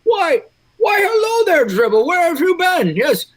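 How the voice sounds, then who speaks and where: A man voicing a scatterbrained old male kobold elder in a high, wavering voice, in a tabletop game. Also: big pitch swings, a little slow, heavily acted. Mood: scolding.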